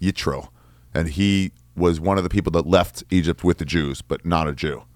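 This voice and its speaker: A man guesting on a podcast, telling quick stories and acting out quotes, often laughing and swearing as he goes. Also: sits low, no room sound. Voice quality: swears freely, laughs into his own lines. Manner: rapid, animated storytelling with jumpy acted-out quotes. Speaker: comedian guest. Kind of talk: casual podcast chat.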